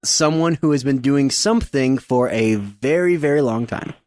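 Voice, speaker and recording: A man's voice: mid-range voice, normal speed, darkish tone, no room sound, clean studio sound. A man who co-hosts and engineers a podcast, chatting casually and laughing at himself. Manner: laughing, self-deprecating. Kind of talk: casual chat.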